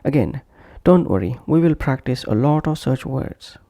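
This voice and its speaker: Male pronunciation tutor, slow deliberate drill delivery, warm gravelly tone, dry close voice-over. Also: mid-range voice, expressive, dry recording. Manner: slow, deliberate, repeats example phrases for drill. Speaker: English pronunciation teacher. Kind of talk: scripted instructional narration.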